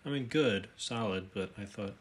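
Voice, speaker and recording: A man's voice: lowish voice, normal speed, a little hiss or hum. A man casually thinking aloud as he browses a website, hesitant and rambling, with many fillers and restarts, now and then reading a summary aloud. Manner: reads plot summaries aloud, then comments. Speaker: YouTube movie commentator. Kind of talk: casual off-the-cuff commentary while browsing a website. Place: room at home, at a desk chair.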